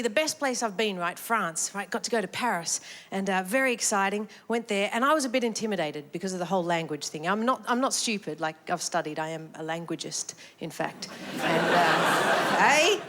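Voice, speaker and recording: A woman's voice: mid-range voice, fairly bright tone, a little hiss or hum. A woman with an Australian accent performing a chatty, self-mocking stand-up comedy set on stage before a live audience. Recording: live comedy club, roaring audience laughter.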